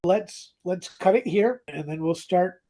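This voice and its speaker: A man co-hosting a podcast in casual chat, retelling a plot in animated style and acting out quoted lines. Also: sits high, a little slow. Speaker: podcast co-host.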